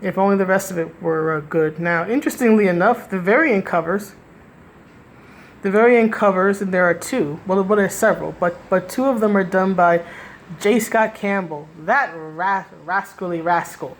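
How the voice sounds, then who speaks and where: A woman's voice: mid-range voice, moderate pace, slight background noise. A woman giving a casual, critical spoken review, rambling with restarts and frequent "right?" asides, with a sardonic edge. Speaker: comic book reviewer.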